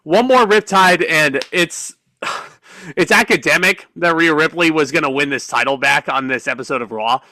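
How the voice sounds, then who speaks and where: Bright-voiced young man, casual wrestling chat. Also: a little high, moderate pace, no echo, low-quality recording. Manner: profane, laid-back, fan slang. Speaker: podcast co-host.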